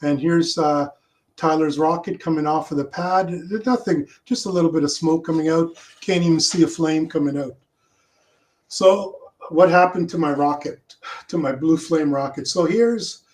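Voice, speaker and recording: Guy with a kinda high voice on a video call going over his rocket pics, lots of uhs and restarts. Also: darkish tone. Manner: halting, with many fillers and restarts. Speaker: club member presenting his rocket launch. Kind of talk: casual slideshow presentation.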